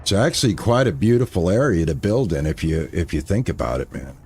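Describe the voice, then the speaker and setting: A man's voice: deep voice, animated, a little fast, a little mellow, a little hiss or hum. An older man streaming a game, chatting casually and thinking aloud, often repeating himself. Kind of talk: casual gameplay commentary.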